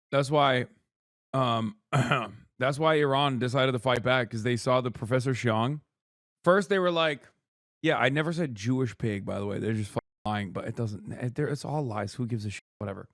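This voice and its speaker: A man's voice: medium pitch, dry recording. Sarcastic male streamer, dry sound. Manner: sarcastic, swearing, reads headlines fast. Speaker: political streamer. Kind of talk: casual commentary.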